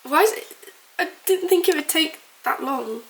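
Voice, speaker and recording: Baking vlogger, woman, slightly high voice, talks in rambling asides, roomy kitchen sound. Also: expressive, normal speed, heavy background noise. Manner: chatty, rambling, self-deprecating, full of "like". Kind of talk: casual chat to camera. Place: home kitchen.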